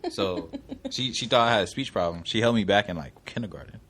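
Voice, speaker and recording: A male interviewer with a very deep voice, keeping the casual chat moving with short questions and quick agreement. His tone is loose and conversational. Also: fairly bright tone. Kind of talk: casual street-style interview.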